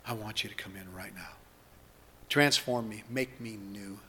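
A man preaching and leading the listeners in an earnest spoken prayer, moving between hushed lines and fervent ones. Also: fairly low pitch, moderate pace, in a large hall, slight background noise. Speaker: pastor.

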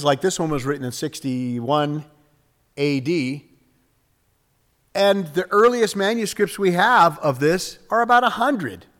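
A man in his sixties preaching a sermon in an animated, conversational way, acting out quoted voices and joking with the congregation. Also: fairly high pitch, long reverb tail. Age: 60s. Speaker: pastor.

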